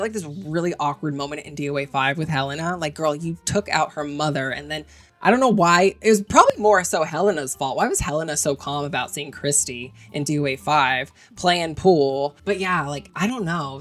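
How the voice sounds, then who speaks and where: A woman with a low voice talks through her favorite game characters in a chatty, gushing way, full of fillers. Soft music plays faintly behind her. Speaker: video creator ranking game characters. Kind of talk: casual enthusiastic commentary.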